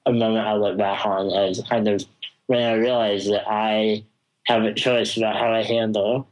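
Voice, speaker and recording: A young man, a guest in an interview, telling a personal story slowly and thoughtfully with frequent ums. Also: fairly low pitch, little pitch movement, low-quality recording. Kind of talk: conversational storytelling.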